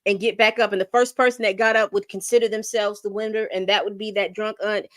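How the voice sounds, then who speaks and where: A woman's voice: medium pitch, level tone, fast, a bit bright, no echo, studio quality. Chatty woman rambling on a livestream. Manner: chatty, rambling, reads chat aloud. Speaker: livestream host. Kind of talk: casual livestream chat.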